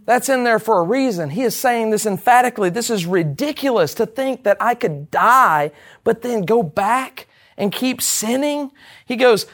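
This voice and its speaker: A man's voice: extremely high pitch, lively intonation, normal speed, a bit bright. A man teaching a Bible class, speaking emphatically and putting rhetorical questions to the group.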